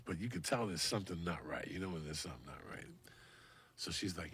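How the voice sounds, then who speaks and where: A man's voice: low-pitched, quick pace, slightly rough. A middle-aged man telling a story on a podcast in a casual, profane way, acting out other people's voices as he goes. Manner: profane, animated, acts out voices in his stories. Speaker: podcast guest.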